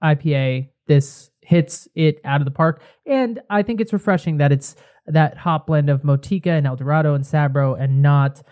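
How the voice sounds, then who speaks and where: A man co-hosting a beer podcast in casual chat, easygoing and halting as he talks. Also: fairly high pitch, darkish tone. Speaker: podcast co-host.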